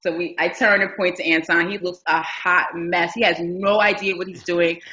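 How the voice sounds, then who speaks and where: Lively woman storyteller, bright voice. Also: on the low side, moderate pace, dull audio. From New Jersey, US. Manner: lively anecdotes, acts out quoted speech. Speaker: guest author. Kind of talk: animated storytelling in a podcast interview.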